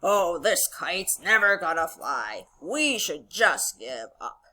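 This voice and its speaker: Woman playing a glum toad, lower voice, slow, mopey, defeated, storybook voice. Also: big pitch swings, bright, forceful tone, full character voice. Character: gloomy discouraged male toad, ready to give up. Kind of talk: storybook read-aloud.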